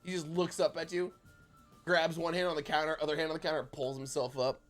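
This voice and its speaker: A male dungeon master with a slightly high voice narrates the scene loosely, rambling and swearing as he goes. Faint music sits under his voice. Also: little pitch movement, fast, fairly bright tone. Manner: casual, profane, rambling. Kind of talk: improvised tabletop narration.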